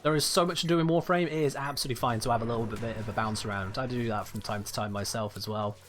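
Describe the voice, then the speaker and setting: A man's voice: medium pitch, fast talker, slight background noise. A young man from Birmingham with a Southern English accent, chatting casually on a game stream and answering viewers as he plays. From Birmingham, England. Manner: chatty, reads and answers viewer chat while playing. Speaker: gaming streamer. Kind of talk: casual live-stream chat.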